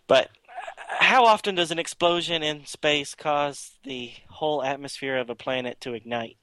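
A man talks casually on a podcast and retells a comic story in a rambling way, full of fillers and restarts. His voice is bright and forward, and it sounds dry and close. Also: fairly high pitch, fairly even intonation, moderate pace, no room sound. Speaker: podcast co-host. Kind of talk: casual chat recapping a comic.

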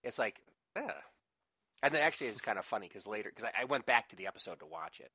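A man's voice: on the low side, expressive, very fast, pushed and bright, slightly rough, no room sound. A man co-hosting a podcast, chatting casually and rambling with restarts and laughter. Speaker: podcast co-host. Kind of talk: casual chat.

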